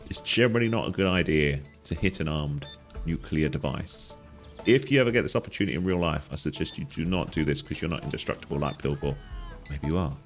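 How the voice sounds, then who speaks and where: A man hosting a playful, animated game walkthrough, often calling viewers his friends. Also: a bass voice, fast talker, faint music behind. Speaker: gaming guide host.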